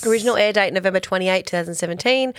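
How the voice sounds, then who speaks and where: A woman's voice: mid-range voice, racing, a little hiss or hum. A woman co-hosting a podcast in casual chat reviewing a TV show, giggling often as she talks. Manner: giggly, chatty, reads out quotes. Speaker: podcast co-host.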